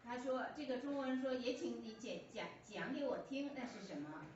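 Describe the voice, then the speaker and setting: A woman's voice: fairly high pitch, fairly quick, a little mellow. A woman interpreting a sermon phrase by phrase, with hesitant fillers and restarts as she goes. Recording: echoey church hall, distant mic, dull lo-fi, faint hum.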